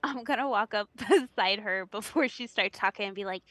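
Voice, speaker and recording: A woman's voice: mid-range voice, fairly quick, sharp tone, no room sound. A woman playing a tabletop game, giggly and playful. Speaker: player. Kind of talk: tabletop role-play.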